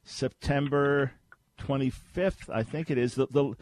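Radio host, male, animated storyteller who repeats his points for emphasis. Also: medium pitch, measured pace, no room sound. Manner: lively storyteller who repeats key phrases. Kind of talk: call-in radio teaching.

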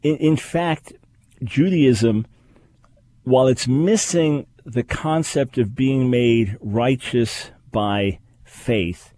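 Earnest male radio host, mellow tone. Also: mid-range voice, very slow, no echo. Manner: earnest, explanatory. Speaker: radio talk show host. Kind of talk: call-in radio talk and teaching.

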